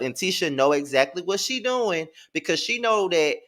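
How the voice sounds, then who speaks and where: A man in his thirties with a Mississippi Southern accent, recapping a reality show in a sassy, profane, animated way. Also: sits high, moderate pace. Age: 30s. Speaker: TV show reviewer. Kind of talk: casual recap commentary.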